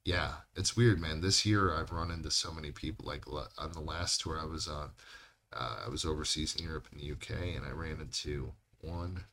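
Very deep-voiced man telling road stories. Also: moderate pace, a bit bright. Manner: rambling, swears a lot. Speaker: podcast co-host. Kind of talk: casual chat.

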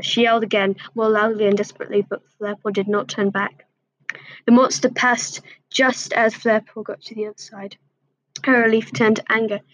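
A woman's voice: medium pitch, a little hiss or hum, poor audio. A woman reading a fan story aloud in a plain voice, with slips and restarts along the way. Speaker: story reader.

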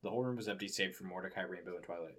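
A man's voice: deep voice, very fast, fairly bright tone, slightly rough. A young man taking his turn reading a fan story for laughs, adding wry comments about it. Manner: wry commentary between read passages. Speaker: co-reader. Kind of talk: comedic dramatic reading.

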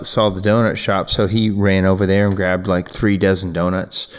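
Low-voiced man telling a rambling story. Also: clean tone. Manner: rambling, with frequent "you know" and restarts. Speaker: business owner hosting a podcast. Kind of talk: casual storytelling.

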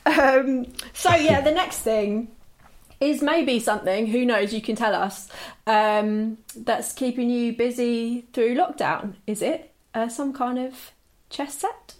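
A woman's voice: on the high side, takes it slowly. A woman hosting a casual interview, prompting her guest with questions and laughing along. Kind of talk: casual video-call interview.

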